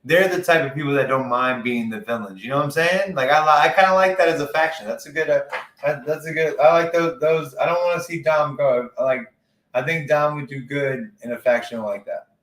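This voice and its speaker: A man's voice: fairly high pitch, brisk, fairly bright tone. A man co-hosting a casual chat about wrestling, opinionated and rambling, swearing freely. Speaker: podcast co-host. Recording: roomy echo.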